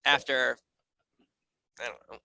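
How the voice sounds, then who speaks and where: A man co-hosting a casual chat show, ranting in an excitable, animated way with jokey voices. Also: mid-range voice, slow, vocal fry, no room sound. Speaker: podcast host.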